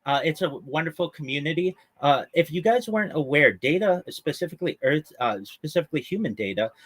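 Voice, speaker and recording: Man, earnest and eager, casual voice chat, self-promoting pitch. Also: lively intonation, fairly quick. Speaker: livestreamer guest.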